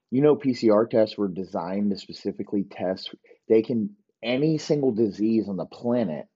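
A man rants through a profane, rambling comic monologue as a podcast host. His voice sits low and mellow. The recording sounds muffled and lo-fi. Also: slightly rough. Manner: crude, profane, ranting. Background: dogs barking.

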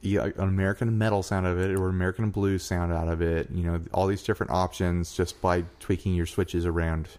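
A man with a fairly low voice co-hosting a casual podcast. He talks in an easygoing, advice-giving way and sounds relaxed throughout. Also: fast talker, hardly any pauses. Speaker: podcast co-host. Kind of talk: casual chat.

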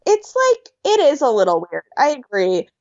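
A woman's voice: on the high side, wildly swooping pitch, normal speed, a little mellow, dry recording, lo-fi sound. A woman co-hosting a casual podcast chat, making blunt and wry remarks. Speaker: podcast co-host. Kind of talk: casual chat recapping a reality show.

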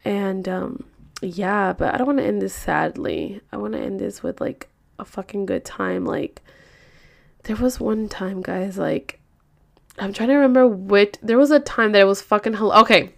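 A woman's voice: mid-range voice, moderate pace, creaky. A woman tells a story in a loose, rambling way. Her speech is full of swearing and filler words. She sounds like she is in her thirties and talks casually to her viewers. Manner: profane, rambling, animated. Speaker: vlogger.

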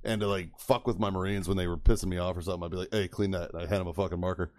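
A man's voice: low voice, level tone, racing. A man telling stories in a casual podcast chat, swearing freely and laughing as he goes. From Texas. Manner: profane, laughs often while telling stories.

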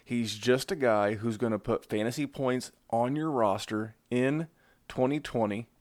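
A man hosting a casual fantasy football podcast, talking through his analysis in a conversational, animated way. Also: medium pitch, a little slow, no echo. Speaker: podcast host.

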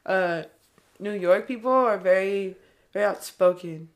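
A woman's voice: medium pitch, a little slow. A young woman from California with a Californian accent, chatting casually and rambling with lots of "like" as she tells stories. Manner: rambling, heavy use of "like", animated storytelling. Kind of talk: casual chat.

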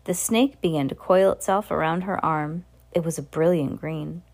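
Deep-voiced woman reading a storybook. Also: steady tone, moderate pace, a little mellow. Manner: earnest, with small slips and restarts. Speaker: reader. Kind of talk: reading a children's novel aloud.

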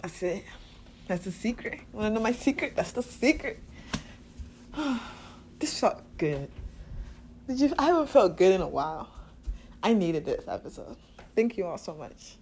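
A woman's voice: medium pitch, big pitch swings, normal speed, pauses often, breathy edge. Profane, laughing woman podcast host. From Nigeria. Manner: candid and profane, laughing often, with chanted affirmations. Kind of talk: casual spiritual podcast monologue.

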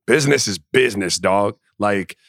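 A man from Miami and the Virgin Islands co-hosting a sports podcast, relaxed and slangy. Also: on the low side, moderate pace, vocal fry, no echo, studio quality. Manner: laid-back, agreeing, slangy. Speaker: podcast co-host, former player. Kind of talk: casual sports chat.

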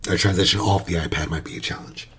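A man's voice: low voice, fairly even intonation, quick pace, pushed and bright, a little hiss or hum. A man hosting a podcast, talking loosely about his work with young children, with lots of fillers and restarts. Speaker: podcast host; early childhood educator. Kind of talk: casual podcast monologue.

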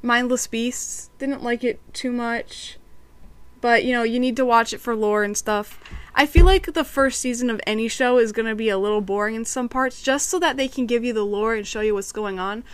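A woman's voice: a little high, normal speed, clear, resonant tone, no room sound. A woman hosting a podcast, reviewing cartoon episodes in casual, chatty talk and acting out quotes. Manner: chatty, giggly, acts out quotes.

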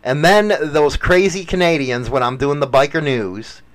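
A radio host with a Chicago accent, bantering in a brash, crude, teasing way. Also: male voice, on the high side, normal speed.

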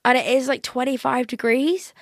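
A woman's voice: high-pitched, steady tone, moderate pace, vocal fry, no echo, clean studio sound. A young woman from England, hosting a casual chat podcast and talking chattily with lots of fillers. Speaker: podcast host.

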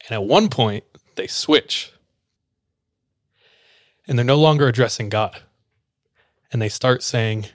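A man's voice: medium pitch, takes it slowly, pauses often, dry recording. A man telling a story in a loose, conversational way, full of filler words, acting out what people said. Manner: loose and conversational, many filler "like"s, acts out quoted lines. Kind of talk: casual spoken storytelling.

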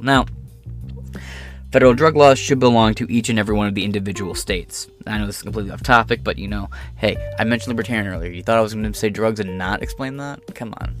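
A man's voice: medium pitch, steady tone, fast talker, faint music behind. A man giving ranting political commentary in a profane, sarcastic and combative way.

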